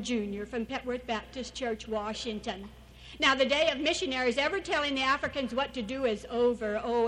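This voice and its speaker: A woman's voice: high voice, fairly bright tone, rough recording. A woman giving an anecdotal church talk as a missionary speaker, storytelling and acting out the people she quotes.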